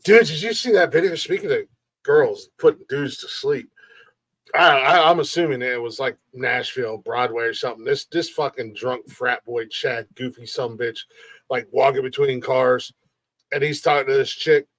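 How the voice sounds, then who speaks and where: A man's voice: mid-range voice, moderate pace, no room sound. A man co-hosting a casual comedy podcast, telling stories with lots of swearing and acted-out quotes. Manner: animated storyteller, swears freely, acts out quotes. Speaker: podcast co-host. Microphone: streamed podcast mic.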